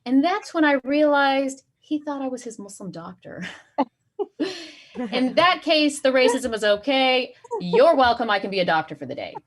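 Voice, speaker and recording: A woman delivering a stand-up set with animated storytelling. Her voice sits a little high, and she jumps into quoted voices as she goes. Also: moderate pace. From Chicago area. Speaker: stand-up comedian.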